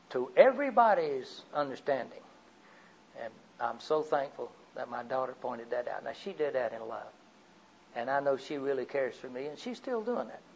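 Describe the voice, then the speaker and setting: An older man preaching a sermon, telling personal stories in a folksy way, swinging from loud to quiet. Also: mid-range voice, slightly rough, lo-fi sound.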